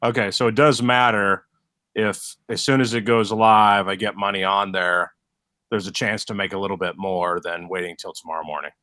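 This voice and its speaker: A lower-pitched man asks the team a quick question, speaking plainly and casually. The sound is close and dry, with no room around it. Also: steady tone, sharp tone, no echo. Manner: casual, direct. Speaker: listener asking a question.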